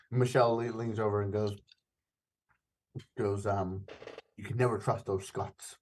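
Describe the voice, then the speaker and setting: A man's voice: lowish voice, fairly even intonation, moderate pace, a little hiss or hum. A man playing a tabletop role-playing game, narrating his character's moves. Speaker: player.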